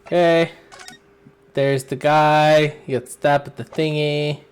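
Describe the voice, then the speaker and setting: A man's voice: a little high, flat delivery, slow pace, clear, resonant tone. Rambling young man streaming a game. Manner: rambling, laughing, forgetful. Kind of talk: casual game stream chat.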